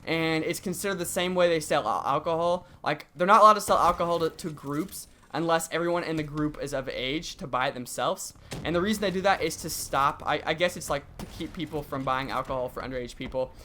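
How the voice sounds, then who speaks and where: A man's voice: a little high, brisk, hardly any pauses, bright, forceful tone, a little hiss or hum. A man in his twenties casually telling a story time, rambling with lots of "like". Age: 20s. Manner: rambling, heavy use of "like". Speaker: gaming vlogger.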